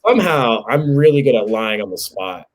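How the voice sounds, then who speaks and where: A man's voice: mid-range voice, normal speed. A man in his twenties from New Jersey, telling a joking, swear-laden anecdote as a podcast co-host. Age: 20s. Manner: animated, joking storyteller who swears casually.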